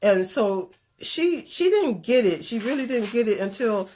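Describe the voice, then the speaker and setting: A woman telling a personal story in a conversational talk, animated and earnest, drifting into preachy asides. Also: a little high, a little slow, a little hiss or hum. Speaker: speaker sharing a personal story. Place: Chicago area.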